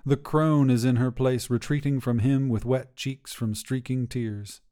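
A man narrating a short fiction podcast in a steady, scripted storytelling manner. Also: mid-range voice, a little slow.

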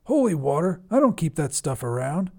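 A man's voice: on the high side, very animated, normal speed, creaky, a little mellow, pitched above the performer's own voice, exaggerated voice. A man voicing a sleepy, flustered male priest who gets whiny and panicky, in a storybook reading.

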